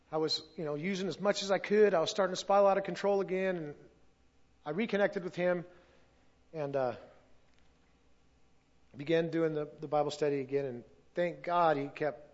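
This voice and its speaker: A man's voice: a little high, normal speed, pauses often, lo-fi sound. A middle-aged man giving a personal testimony at a church service, earnest and emotional, sometimes losing his place.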